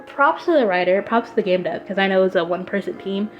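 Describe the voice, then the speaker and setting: A woman's voice: mid-range voice, fast talker, few pauses, dull audio. A woman gushing and laughing as she comments on the game she is playing. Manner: gushing, excitable, laughs often. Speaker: let's play gamer. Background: game music.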